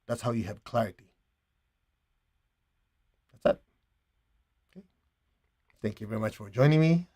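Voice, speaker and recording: A man leading a guided meditation and spiritual teaching, speaking calmly and gently in a relaxed, conversational way. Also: medium pitch, slightly rough. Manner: calm, gentle, unhurried.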